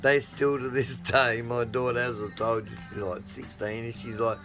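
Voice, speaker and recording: A middle-aged man vlogging as he tells a long, rambling family story. He swears constantly and swings from loud bursts to low mutters. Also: level tone, normal speed, music in the background. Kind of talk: casual storytelling.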